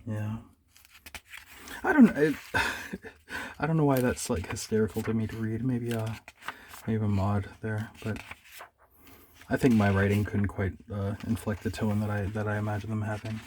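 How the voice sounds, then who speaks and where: A man's voice: lowish voice, fairly even intonation, normal speed, long pauses, a little hiss or hum. Rambling man chatting about comics. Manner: rambling, laughing, trailing off softly. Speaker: comic collector vlogger. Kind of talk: casual chat reading comics aloud.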